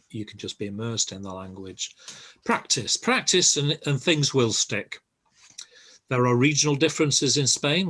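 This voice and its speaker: An older man giving a relaxed, reassuring language lesson, pausing often with ums and uhs. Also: on the low side. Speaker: Spanish teacher.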